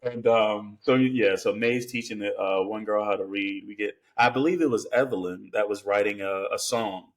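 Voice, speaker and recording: A podcast co-host recaps a film in a casual, rambling way, full of fillers, during a relaxed film review chat. His voice is lowish, at a moderate pace with hardly any pauses.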